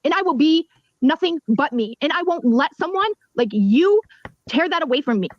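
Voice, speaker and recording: On a livestream with dull lo-fi audio, a woman with a high voice and lively intonation rants angrily at a moderate pace. Her heated delivery is emphatic and full of swearing.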